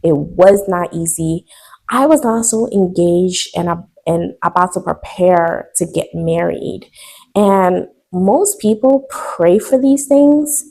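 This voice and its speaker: A woman's voice: fairly low pitch, lively intonation, slow pace, dark tone. A woman in her twenties telling a personal story to her viewers in a casual, emotional vlog. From United States. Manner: chatty, addresses viewers directly, emotional. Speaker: vlogger.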